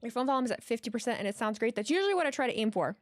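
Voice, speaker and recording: Animated, swearing woman streamer host. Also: a little high, very fast. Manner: chatty, profane, giggly. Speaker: livestream host. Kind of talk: casual livestream chat. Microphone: headset with mic monitoring.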